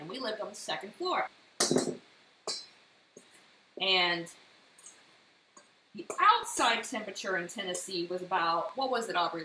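A fairly high-pitched woman hosts a casual baking live stream from her home kitchen, giving step-by-step instructions broken up by chatty, lively anecdotes. The room is echoey, with faint background noise.

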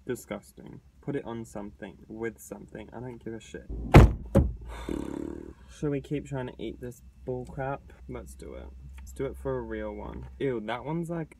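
A man rants through a casual vlog in a blunt, sarcastic way, swearing freely. His voice sits at an ordinary middle pitch, with a faint hiss of noise behind him. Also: huge pitch swings, measured pace, vocal fry. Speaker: vlogger.

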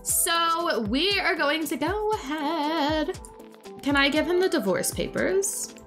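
A young woman chats through a life-sim session in a high, lively voice that swoops up and down as she exclaims at her characters. Soft music plays underneath. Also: slow. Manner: chatty, exclaims often, talks to her game characters. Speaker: gaming YouTuber. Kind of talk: casual let's-play commentary. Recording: faint background music.

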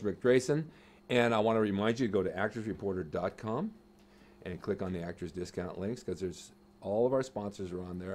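A man's voice: on the low side, a little mellow, a little hiss or hum. A man hosting a live chat show, plugging sponsors and agreeing with his guest. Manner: brisk, agreeable, plugs sponsors. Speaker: host.

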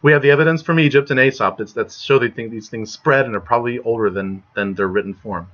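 A man's voice: mid-range voice, quick pace, fairly bright tone. A young man giving a casual lecture from home, chatty, with frequent "right?" and "like" and filler sounds. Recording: muffled lo-fi recording.

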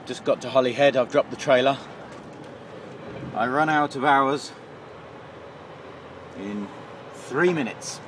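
A man's voice: slow, long pauses. A man, chatting wryly and self-mockingly to camera as he drives his truck. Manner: chatty, wry and self-mocking, mild swearing. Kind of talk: casual running commentary while driving. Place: inside a truck cab. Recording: loud engine and road noise. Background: truck engine and road rumble.

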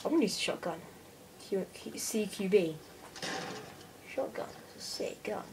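Excitable woman calling out gameplay. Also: medium pitch, moderate pace. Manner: excitable, exclaiming in alarm. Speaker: gamer. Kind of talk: gameplay commentary. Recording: noisy game audio behind.

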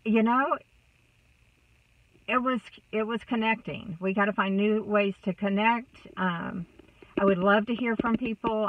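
A woman vlogger talks slowly and haltingly, restarting her words as she speaks from the heart. Her voice comes through thin and tinny, as if over a phone line. She sounds set back from the mic, in a dry room. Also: medium pitch, no room sound, recorded from a distance. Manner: warm-hearted, halting with fillers and repeats. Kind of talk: casual chat to camera.

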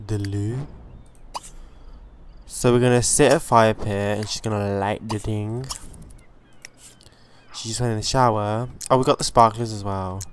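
A man hosting a let's play, giving chatty, excitable gameplay commentary and swearing freely. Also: on the low side, unhurried, pauses often, slight background noise.

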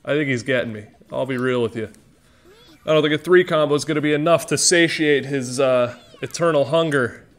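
Speaking fairly quickly in a medium pitch, this male streamer rambles through his game. He jokes at his own expense and exclaims often as he comments casually on the gameplay.

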